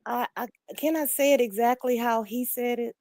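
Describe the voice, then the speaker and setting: A middle-aged woman, calling into a livestream and bluntly telling a personal story while acting out the dialogue, her call audio sometimes coming through quietly. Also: a little high, fairly even intonation, normal speed, no echo. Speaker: livestream caller. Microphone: remote call audio, sometimes low volume.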